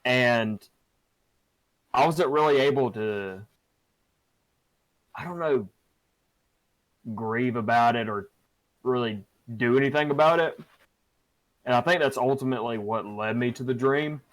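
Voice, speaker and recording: A man's voice: medium pitch, a little slow, pauses often, dry recording, rough recording. A young man hosting a podcast, telling a personal story casually with many fillers and restarts. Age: young adult. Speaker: podcast host.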